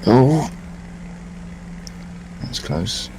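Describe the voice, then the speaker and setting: A man's voice: medium pitch, sing-song, extremely slow, background noise. A man in a flight sim calling out spotted planes to his teammates over headset chat. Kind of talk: casual gaming chat.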